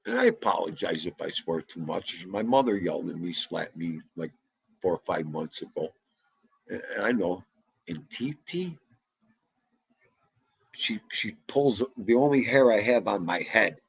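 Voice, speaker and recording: Excitable husky New man livestreaming. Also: deep voice, unhurried, dry recording. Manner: loud, excitable, talks to chat. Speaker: livestream host. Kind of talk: casual livestream chat.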